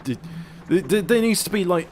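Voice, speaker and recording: A man's voice: sits high, lively intonation, brisk, noisy background. A man streaming a truck driving game, chatting casually and mocking himself as he plays.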